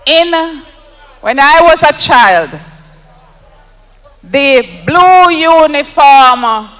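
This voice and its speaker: A man's voice: extremely high pitch, lively intonation, drawn-out words, bright, forceful tone, long reverb tail, poor audio. A Jamaican man giving an emphatic, rousing campaign speech at an outdoor rally, repeating lines for effect. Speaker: political speaker at a rally.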